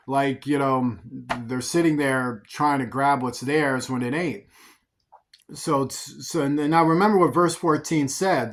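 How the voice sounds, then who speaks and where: A man's voice: medium pitch, a little slow. A man preaching an informal sermon on the commandments, explaining them conversationally with frequent restarts. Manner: conversational, repeats words when restarting. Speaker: preacher teaching scripture.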